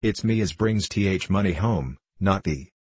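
A drunken, violent middle-aged miner barks in broad, rough dialect, voiced by a male reader. His voice sits deep and grainy, flattened into a thick snarl. It is recorded close and dry, with no room around it. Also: normal speed, dry recording. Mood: raging.

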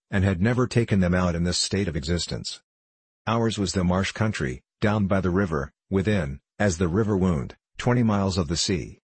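A man narrating a classic novel as an audiobook, reading in a measured, deliberate way. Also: sits low, breathy edge, dry recording.

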